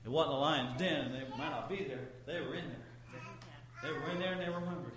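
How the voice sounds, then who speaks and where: A man preaching a fervent sermon to a responsive congregation, his voice going hoarse, with frequent "uh" fillers between phrases. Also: on the high side, a little fast, a crowd in the background. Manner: impassioned, with frequent "uh" fillers and call-and-response pacing. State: losing his voice. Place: church sanctuary. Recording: lo-fi echoey church from far off. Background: congregation calling out amens.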